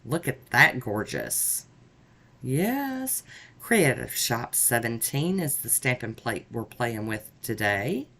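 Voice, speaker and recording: A woman's voice: extremely low pitch, big pitch swings, a little slow, hardly any pauses, bright, forceful tone. Upbeat woman talking viewers through her manicure step by step, chatty and easygoing, close to the mic. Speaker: nail art vlogger. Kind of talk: casual tutorial narration.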